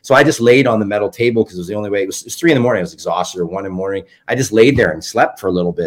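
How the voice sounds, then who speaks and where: Canadian male filmmaker guest, lowish voice, rapid anecdotal delivery. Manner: quick storytelling, acts out both sides of exchanges. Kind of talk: casual chat.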